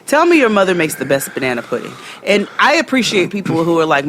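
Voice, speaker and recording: A woman co-hosting a podcast in casual chat, loud and animated, swearing freely and quick to laugh. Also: on the low side, slight background noise. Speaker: podcast co-host.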